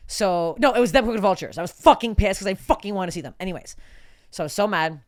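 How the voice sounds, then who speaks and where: A woman in her thirties from Canada, telling a wild story on a podcast in an animated, profane way with many restarts. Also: medium pitch, quick pace, no room sound, studio quality. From Toronto, Canada. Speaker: podcast guest comedian. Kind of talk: casual storytelling.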